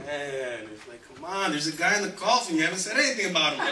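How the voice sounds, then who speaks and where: Animated man telling a story on stage. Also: a little high, fast talker, noisy background. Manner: animated, laughs through his own story. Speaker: stand-up comedian. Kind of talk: stand-up storytelling. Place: comedy stage. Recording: distant and echoey live venue recording.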